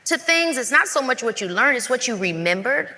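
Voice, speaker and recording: A woman's voice: a little high, very animated, brisk, sharp tone. A woman hosting a live interview on a theater stage, asking questions in a reflective way. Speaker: host. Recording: reverberant live theater sound.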